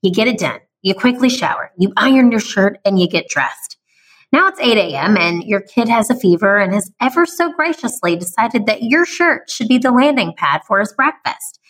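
A woman's voice: medium pitch, lively intonation, moderate pace, a bit bright. A woman with a nasal twang and a Southern and Midwestern American accent, hosting her own podcast in an upbeat, playful way. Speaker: podcast host. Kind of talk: podcast host monologue.

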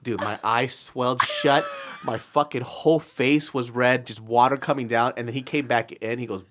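A man's voice: mid-range voice, moderate pace, noisy background. A man in his thirties, a podcast guest, telling loose, profane stories in casual chat. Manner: profane animated storytelling.

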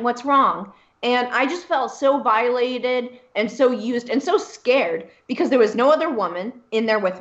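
A woman guest in an interview, telling a personal story in a candid, emphatic way and repeating phrases for stress. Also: medium pitch. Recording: roomy, dull lo-fi sound.

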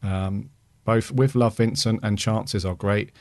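A man co-hosting a podcast, reading listener reviews aloud in a relaxed way with frequent fillers. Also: lowish voice, takes it slowly, no room sound. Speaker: podcast co-host.

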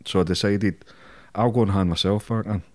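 Deep scottish guy, middle-aged, swears a lot, dry close sound, just spinning yarns in an interview. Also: steady tone, a little fast, darkish tone, no room sound. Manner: blunt, heavy swearing, chuckles through anecdotes. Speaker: interview guest. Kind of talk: casual storytelling.

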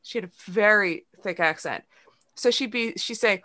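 Woman co-host, bright voice, lively anecdotal chat. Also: mid-range voice, normal speed. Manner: laughs often, animated storytelling. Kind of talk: casual chat.

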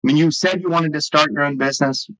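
A man's voice: on the high side, fast, pushed and bright, no echo, voice pushed up, poor audio. A man voicing his former business partner, a blunt and upbeat investor, in a raised voice.

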